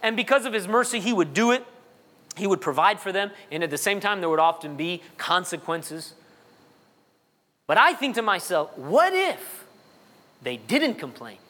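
A man preaching a sermon as pastor, his voice swinging between loud high peaks and low quiet asides. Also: very animated, moderate pace. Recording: long reverb of a large hall.

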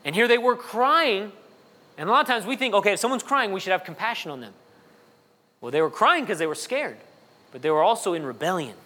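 A man preaching a sermon as pastor, his voice swinging between loud high peaks and low quiet asides. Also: very animated, brisk, pauses often. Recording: long reverb of a large hall.

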